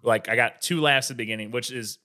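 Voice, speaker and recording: Male comedian guest with a bright, forceful voice; rambling, swears a lot. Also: medium pitch, quick pace. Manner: rambling, profane, many fillers and restarts. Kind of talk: casual podcast chat.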